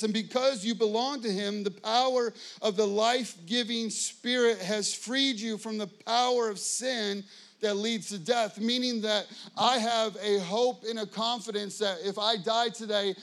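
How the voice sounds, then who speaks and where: A man's voice: sits high, a little slow, fairly bright tone. A man preaching a casual sermon as pastor, loose and conversational, checking in with his listeners. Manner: conversational, loose, with many fillers and audience check-ins.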